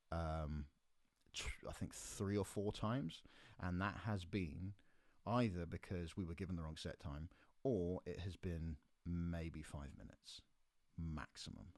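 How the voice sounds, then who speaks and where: Low-voiced man telling a story. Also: no echo, studio quality. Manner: animated teller, acts out quoted voices. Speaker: podcast host and musician. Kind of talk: casual anecdotal storytelling.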